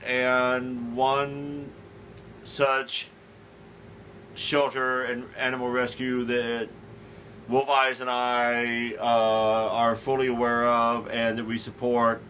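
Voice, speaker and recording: A man talks casually on his podcast, joking at his own expense and stumbling through restarts as he goes. His voice is bright and forward. A faint room ambience sits behind him. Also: mid-range voice, monotone, drawn-out words, slight background noise. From Southern Illinois, USA. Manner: self-amused, joking, trips over his words. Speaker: podcast host. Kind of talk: rambling casual podcast monologue.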